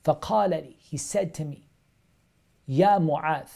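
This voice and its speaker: A man's voice: fairly high pitch, a little fast, vocal fry, warm tone. A man teaching a live online religious lesson, explaining texts step by step and repeating phrases for emphasis. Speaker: Islamic studies teacher.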